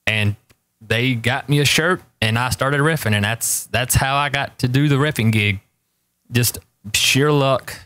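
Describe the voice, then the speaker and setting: A man's voice: mid-range voice, a little slow, bright, forceful tone, no echo. A man, hosting a show and telling rambling stories with emphatic repeated warnings. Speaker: talk show host. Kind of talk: casual storytelling chat.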